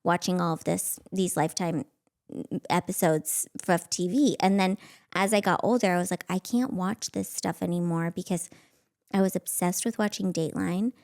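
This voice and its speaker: Her voice sits fairly low with a darkish tone, and she talks at a normal speed. She's a podcast host in her thirties telling a story casually, poking fun at herself and using plenty of filler words.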